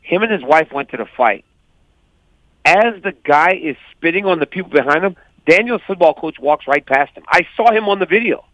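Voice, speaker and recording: A man calling in as a guest fighter, telling stories animatedly and quoting others in lively voices. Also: on the high side, moderate pace, no echo. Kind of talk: casual phone interview. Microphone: phone call. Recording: dull lo-fi phone line.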